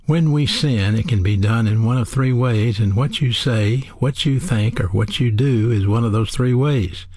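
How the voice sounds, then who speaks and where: A man teaching a sermon, speaking in a measured, deliberate way and asking rhetorical questions to his listeners. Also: mid-range voice, a little mellow, slightly rough, no echo. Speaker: radio Bible teacher.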